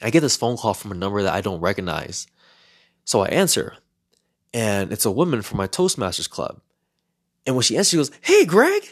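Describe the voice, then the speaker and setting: A man's voice: fairly low pitch, expressive, moderate pace, long pauses. A man hosting a solo podcast, talking in an earnest, reflective way and often repeating words as he searches for them. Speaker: podcast host.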